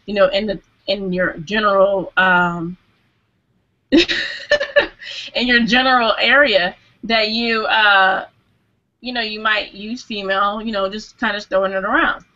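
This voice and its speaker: A woman's voice: mid-range voice, unhurried, pauses often, pushed and bright. A woman speaking earnestly in a casual group discussion as a hangout guest, full of "you know"s and restarts. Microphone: video call microphone. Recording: dull lo-fi video call audio.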